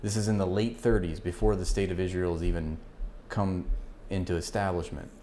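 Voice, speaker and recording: A man's voice: low-pitched, fairly even intonation, a little fast, mellow, slight background noise. A young man giving a heated political rant in a combative, sarcastic and profane way. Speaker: political commentator.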